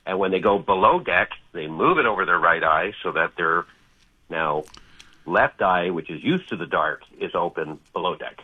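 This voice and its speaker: A man calling into a radio show, polite and a little halting as he explains a puzzle. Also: low voice, expressive, breathy edge, no room sound. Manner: polite, slightly halting, repeats words. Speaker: caller. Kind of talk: phone-in chat. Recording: phone line on radio.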